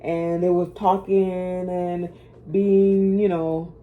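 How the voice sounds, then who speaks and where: A woman's voice: on the low side, flat delivery, slow, narrow, tinny audio. A young woman telling a personal story to camera in a casual, blunt, slangy way, cursing freely and poking fun at herself. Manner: blunt, profane, slangy, self-mocking. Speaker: storytime vlogger.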